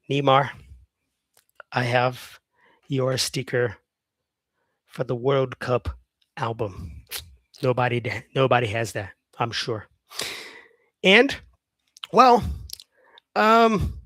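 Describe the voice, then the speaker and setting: A man's voice: medium pitch, a bit bright, no room sound. A man teaching English on a live stream, chatting with viewers by name, saying "yeah" often and modelling words by repeating them.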